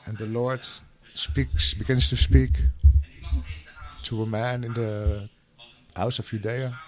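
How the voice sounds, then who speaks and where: Unhurried preacher with a mid-pitched voice. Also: male voice, steady tone, darkish tone. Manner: unhurried, with frequent "you know" and restarts. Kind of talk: sermon with scripture reading.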